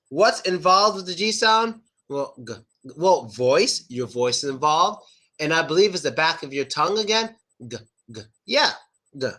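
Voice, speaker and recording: A man's voice: sits high, bright, forceful tone. A man teaching English pronunciation in a casual online class, chatty and joking with his students. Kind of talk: live online lesson.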